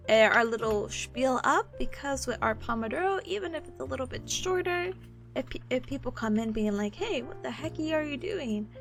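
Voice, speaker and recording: A woman's voice: high voice, a bit bright. A young woman from the southern United States, chatting casually with her live chat as a streamer, giggly and playful.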